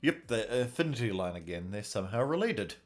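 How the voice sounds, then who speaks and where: A man hosting a let's play, musing aloud and reading game text in a low-key way. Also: big pitch swings, fairly quick. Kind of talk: casual game playthrough commentary.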